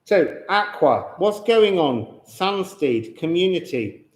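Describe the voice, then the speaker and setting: Slow, musing man in an echoey room. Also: high voice, sing-song. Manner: slow, musing and drawn-out, with chatty asides. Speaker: tarot and astrology reader. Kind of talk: unscripted card reading to viewers.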